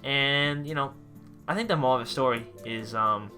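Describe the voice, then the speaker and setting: A young man with a bright, sharp voice rambles through a storytime rant, exasperated and casual. He swears offhandedly and keeps circling back to his point, over faint background music. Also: mid-range voice, moderate pace. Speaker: vlogger, pizza delivery driver.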